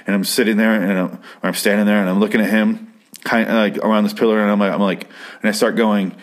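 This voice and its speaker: A man with a fairly low voice tells a personal story in a loose, casual way. He wanders off on side tangents and swears freely as he talks. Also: little pitch movement, fast talker. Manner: rambling, profane, digressive.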